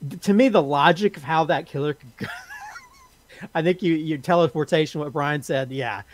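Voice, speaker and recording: A man casually reviewing a horror film on a podcast panel, speaking haltingly with many restarts and often laughing. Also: a little high.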